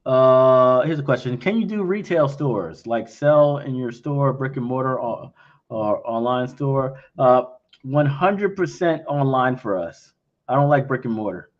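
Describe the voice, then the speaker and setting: A man's voice: medium pitch, expressive, a little slow. Blunt, frank man on lo-fi audio. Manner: blunt and frank, acts out quoted exchanges. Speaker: company founder answering investor questions. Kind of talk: casual livestream Q&A.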